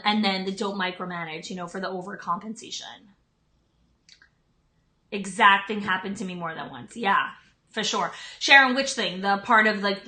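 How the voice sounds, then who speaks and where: A woman's voice: mid-range voice, bright, forceful tone. A woman in her thirties hosting a live stream, giving leadership tips in a chatty way, full of "like" and "um". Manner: chatty, frequent "like" and "um" fillers. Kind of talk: casual live-stream talk.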